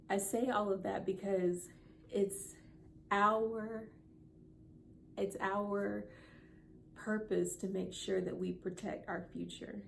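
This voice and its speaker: A woman's voice: medium pitch, vocal fry, darkish tone, slight background noise. A woman in her thirties, a content creator, telling a personal story to camera in a heartfelt, earnest way. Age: 30s.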